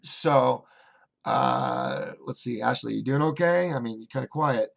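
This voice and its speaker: Gravelly-voiced man hosting a rambling livestream. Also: medium pitch, measured pace. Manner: rambling, with frequent restarts and fillers. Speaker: host of a call-in livestream show. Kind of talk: casual livestream chat reading.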